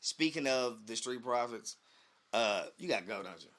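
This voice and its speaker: Animated man telling wrestling stories. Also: medium pitch, moderate pace. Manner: animated storytelling, acts out quotes. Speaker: podcast co-host. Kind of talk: casual chat.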